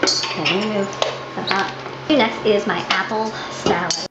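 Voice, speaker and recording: A woman's voice: medium pitch, steady tone, unhurried. A woman casually narrating her cooking in a home kitchen. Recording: echoey, dull clip with kitchen noise. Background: clattering dishes and pans.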